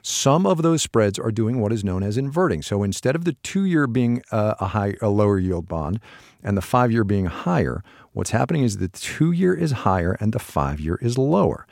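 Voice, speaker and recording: A man's voice: on the low side, big pitch swings, moderate pace, vocal fry, darkish tone, dry recording, clean studio sound. A middle-aged man co-hosting a podcast, patiently explaining economics in casual chat and answering his own questions.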